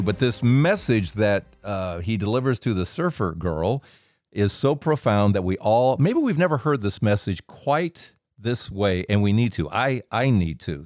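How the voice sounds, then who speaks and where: A man hosting a storytelling podcast, animated and playful, teasing himself between stories. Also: medium pitch, dry recording, studio quality. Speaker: podcast host.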